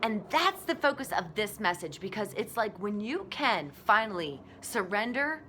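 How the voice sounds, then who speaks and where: Bright, animated woman in her forties. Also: mid-range voice, normal speed, slight background noise. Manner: animated, candid, exclamatory. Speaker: blogger. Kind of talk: casual motivational talk.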